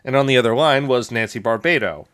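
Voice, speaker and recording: A man's voice: mid-range voice, quick pace, fairly bright tone. Loose, crude male storyteller. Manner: crude, loose, laughs mid-sentence. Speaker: podcast host telling a story. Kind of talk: casual comedic storytelling.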